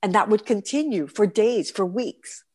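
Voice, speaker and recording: A woman's voice: medium pitch, a little slow, breathy edge. A woman in her fifties from New York with a New York accent, a guest performer telling vivid stories in a podcast interview. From New York City. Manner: animated, vivid storyteller.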